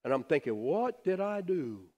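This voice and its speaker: A middle-aged male pastor with a high, very lively voice preaches in a church sanctuary. He tells stories with big emphasis, then drops to soft, hushed lines. A long reverb rings behind his voice. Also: moderate pace, muffled recording. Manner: animated storytelling, swings from loud emphasis to soft near-whispers. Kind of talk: sermon.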